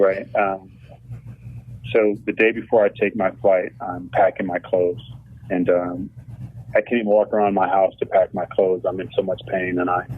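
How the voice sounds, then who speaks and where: Middle-aged man, interview guest: low, monotone, emotional storyteller; thin telephone-quality audio. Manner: emotional and earnest, many fillers and restarts. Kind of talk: candid personal storytelling. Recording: dry, tinny phone-like sound.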